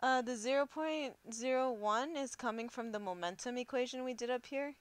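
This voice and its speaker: A woman's voice: high-pitched, normal speed, clear, resonant tone. A young woman working through physics problems on a livestream as a teaching assistant, chatting and laughing between steps. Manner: playful, giggly, chatty asides. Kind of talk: casual livestream tutoring.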